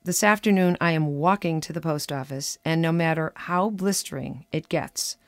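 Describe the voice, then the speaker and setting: A woman's voice: deep voice, normal speed, no room sound, studio quality. A woman commentator reading her own wry personal essay in a conversational way, slipping into quoted dialogue.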